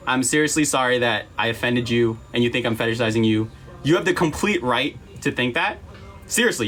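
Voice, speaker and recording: A man's voice: mid-range voice, fairly bright tone. A man talking earnestly on a livestream, emphatic and apologetic, repeating himself and close to tears.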